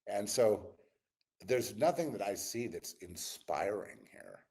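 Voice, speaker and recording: A man hosting his own channel, delivering a rambling spiritual and political monologue with a weary, exasperated tone, drifting at times into low mutters and whispers. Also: lively intonation, slow pace, mellow, slightly rough. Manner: meandering, musing, drops into low mutters and whispers. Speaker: channel host.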